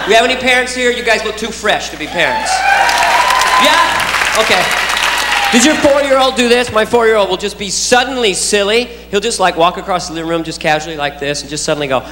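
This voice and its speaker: A man's voice: high voice, animated, fairly quick. A man doing stand-up, rambling and making silly noises and impressions for the audience. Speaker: stand-up comedian. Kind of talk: stand-up routine. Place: large hall with a live audience. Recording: roomy live hall, loud crowd and noise.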